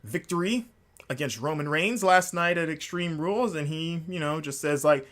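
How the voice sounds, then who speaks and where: A man's voice: a little high, normal speed, a bit bright. A man hosting a casual solo podcast, rambling and enthusiastic, with lots of fillers and restarts. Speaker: podcast host.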